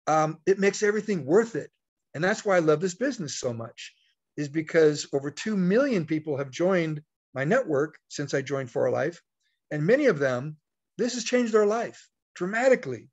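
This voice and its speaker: A man giving a motivational talk as a network marketing leader, telling a folksy story and acting out the quoted dialogue. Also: a little high. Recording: dull, lo-fi call audio.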